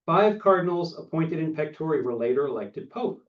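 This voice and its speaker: A man's voice: a little high, animated, normal speed. Chatty man hosting a film discussion. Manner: chatty, with many fillers and restarts. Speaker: discussion host. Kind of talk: casual group discussion. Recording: distant muffled video-call recording.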